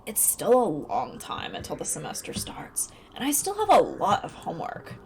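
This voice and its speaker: A young woman live-streaming a dating sim, commenting casually, reading lines aloud and breaking into high laughter. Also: huge pitch swings, moderate pace, gravelly, a little mellow, slight background noise. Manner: giggly, bursts into high laughter. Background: faint game music.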